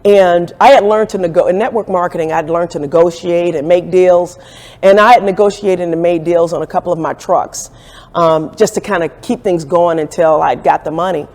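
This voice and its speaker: A woman's voice: fairly low pitch, fairly even intonation, moderate pace, darkish tone. Reflective woman telling her story. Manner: candid, reflective storytelling with acted-out quotes. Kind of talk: documentary storytelling interview. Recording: echoey room with long reverb.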